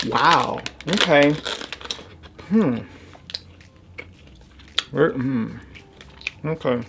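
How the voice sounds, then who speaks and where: Low-voiced woman chatting between bites. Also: lively intonation, drawn-out words. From United States. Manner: chatty, talks while chewing, lots of mm sounds. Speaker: vlogger. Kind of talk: casual snack unboxing and tasting chat. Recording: noisy with wrapper crinkling.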